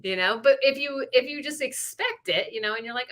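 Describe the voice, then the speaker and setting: This middle-aged podcast co-host talks briskly, barely pausing, in a fairly high, fairly bright voice. Her casual chat rambles from story to story with plenty of "likes" and "you knows."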